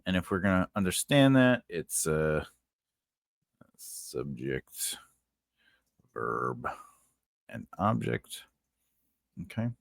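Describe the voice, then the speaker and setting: A deep, gravelly-voiced man talks slowly yet very animatedly, leaving long pauses, in a casual lesson on creating grammar for invented languages. This writing teacher rambles, corrects himself, and often asks "right?". The studio-quality recording has no echo.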